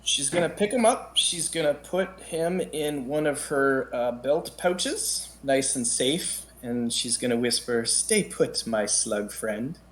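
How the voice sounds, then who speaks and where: A man playing a tabletop game, planning his character's turn slowly and deliberately. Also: mid-range voice, a little hiss or hum. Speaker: player.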